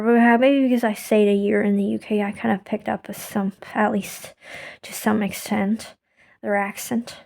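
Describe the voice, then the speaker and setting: A woman podcaster whose first language isn't English thinks aloud in a casual monologue, full of fillers and restarts, often trailing off quietly. Her mid-range voice is creaky and level in tone, moving at a normal speed.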